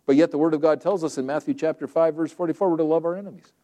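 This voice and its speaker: Mellow-voiced man preaching a sermon. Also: fairly high pitch, fairly even intonation, racing. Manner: conversational preaching, acts out quoted prayers and objections; repeats and restarts phrases.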